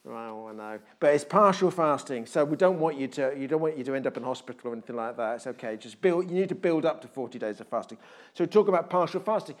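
In a church hall, a male pastor preaches and gives church announcements in a fast, mid-range voice. He keeps it conversational with jokey asides and animated swings in volume.

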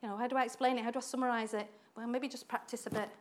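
A woman preaching a sermon in an animated way, acting out quoted voices and laughing often. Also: on the high side, very fast.

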